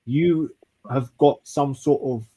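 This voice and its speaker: A man's voice: medium pitch, takes it slowly, dark tone, husky, rough recording. A man from London throwing crude, swear-heavy freestyle insults in a trash-talk battle.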